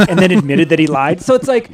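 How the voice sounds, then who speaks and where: Man, casual chat, high lively voice, teasing comic tone. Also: fast talker. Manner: jokey, teasing, animated swings in pitch.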